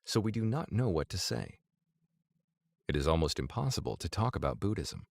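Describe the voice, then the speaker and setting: A man reads an audiobook in a measured, deliberate way. His voice sits very low and gravelly but moves through a lively range of pitch. The sound is dry and close, with no room around it. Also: dry recording. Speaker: audiobook narrator. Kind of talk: scripted audiobook narration.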